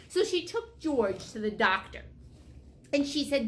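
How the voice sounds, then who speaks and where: With a voice on the high side and a bit bright, a children's storyteller reads a picture book at a measured pace. She's animated and playful, addressing young viewers and asking them questions.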